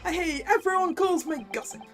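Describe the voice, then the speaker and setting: A woman's voice: very high-pitched, moderate pace, faint music behind, voice pushed up. A woman voicing a chatty male street seller with a Cockney accent and brash sales patter. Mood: cheeky sales patter.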